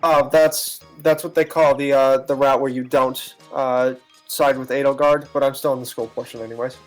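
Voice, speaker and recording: Man, co-host, casual chat, hesitant, fillers, mid pitch. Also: normal speed, faint music behind. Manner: relaxed, hesitant, many fillers.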